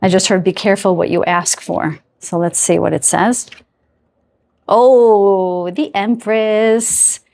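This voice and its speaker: A woman in the middle of a tarot reading, speaking at an ordinary middle pitch for her sex. She talks in a loose, chatty flow, gropes openly for the right word, and breaks off to ask her spirit guides questions. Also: steady tone, takes it slowly, gravelly, a little mellow. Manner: chatty, gropes for words aloud. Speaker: tarot card reader. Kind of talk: intuitive tarot reading to camera.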